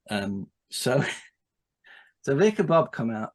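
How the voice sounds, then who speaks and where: Male podcast guest, mid pitch, rambling storyteller with restarts and laughing asides. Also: animated, measured pace. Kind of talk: casual anecdotal storytelling.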